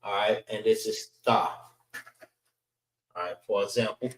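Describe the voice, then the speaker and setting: Male class instructor, slow and deliberate, drilling letter sounds; echoey classroom. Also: lowish voice, steady tone. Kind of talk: teaching a Hebrew alphabet class.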